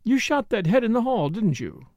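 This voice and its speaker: A man voicing a lively young woman with a playful, mocking way of talking. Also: high-pitched, moderate pace, no echo, pitched above the performer's own voice. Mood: pleading, warm.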